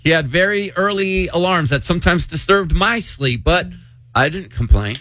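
A man's voice: high voice, lively intonation, moderate pace, sharp tone, dry recording, rough recording. A man hosting a radio morning show, reading a listener letter in an easygoing, chatty way. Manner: laughing, self-conscious, easygoing. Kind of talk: casual on-air chat and letter reading. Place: radio studio. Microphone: studio microphone.

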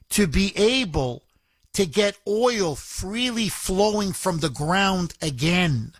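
A man's voice: high-pitched, expressive, takes it slowly, husky, no room sound. A man hosting a call-in radio show, talking emphatically and repeating words and phrases to drive his point home. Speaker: talk radio host. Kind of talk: opinionated call-in radio talk.

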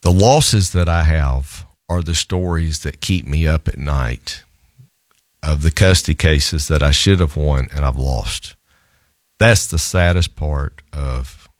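A male lawyer telling a story in an animated, self-amused way, laughing often as he talks. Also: a bass voice, dry recording, studio quality.

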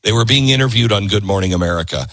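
A man's voice: fairly low pitch, fast, fairly bright tone, no room sound. A man hosting a political commentary show, talking in a sarcastic, mocking way with lots of asides.

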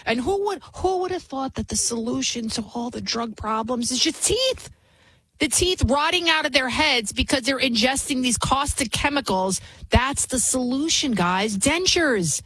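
A woman hosting a talk radio show who talks fast, barely pausing, in an opinionated and mocking way. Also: sits high, expressive, a bit bright, slightly rough, rough recording. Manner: talks fast, rarely pauses; mocking, sarcastic.

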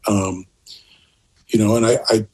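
A man's voice: fairly low pitch, flat delivery, unhurried, darkish tone, husky, rough recording. An older man, a grandfather and author, talking reflectively in an interview in a rambling, emphatic, conversational way. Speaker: author guest.

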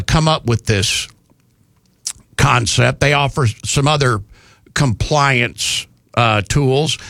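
A man's voice: medium pitch, gravelly, fairly bright tone, no room sound, clean studio sound. A man hosting a talk radio show, rambling in a folksy way with frequent fillers and restarts.

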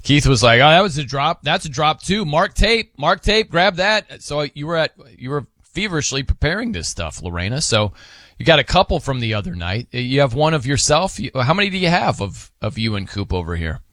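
Lively, bright-voiced male radio host. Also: mid-range voice, brisk, no room sound, clean studio sound. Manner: lively, laughing, tells anecdotes. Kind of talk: casual on-air banter. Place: radio studio.

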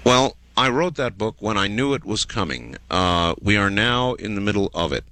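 A man hosting a late-night call-in radio show, taking callers with a dramatic, drawn-out delivery. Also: fairly low pitch, lively intonation, sharp tone. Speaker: radio talk show host. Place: radio studio.

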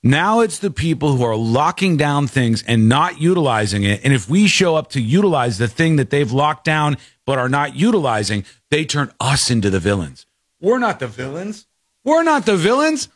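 A man's voice: mid-range voice, normal speed, no echo. Talk show host guy, ranting, voice jumping all over, dry close mic. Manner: animated, ranting, acts out quotes. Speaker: podcast host. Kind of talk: casual chat.

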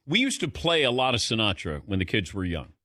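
A man's voice: fairly low pitch, big pitch swings, a little fast, sharp tone, no echo, studio quality. A man hosting a sports radio show, talking casually and taking callers. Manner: chatty, conversational.

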